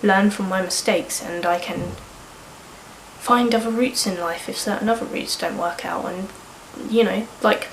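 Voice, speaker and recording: A woman's voice: mid-range voice, steady tone, a little slow. Girl early 20s with a cold, rambling and swearing, echoey room with faint hum. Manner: rambling, frank, swears casually. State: sniffly with a cold. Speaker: vlogger. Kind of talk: candid personal vlog.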